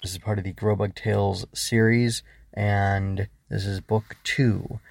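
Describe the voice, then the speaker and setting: A male author hosting his own podcast, reading aloud and chatting in between with plenty of hesitant fillers. His voice sits low with a gravelly fry, and the recording is dry and close. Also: flat delivery, unhurried, a little mellow, dry recording. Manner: hesitant, filler-heavy asides. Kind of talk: story reading and podcast outro.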